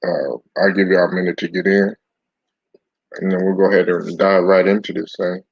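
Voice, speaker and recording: A man's voice: low-pitched, level tone, moderate pace, creaky, slightly rough, no room sound, muffled recording. A man hosting a casual live-stream sports talk show, chatty and loose, greeting his viewers by name.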